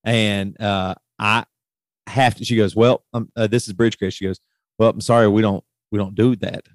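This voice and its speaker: Fairly low in pitch, this middle-aged man talks at a moderate pace with no echo. Chatting casually, he recounts a lengthy story with animation, growing heated and letting his voice climb sharply.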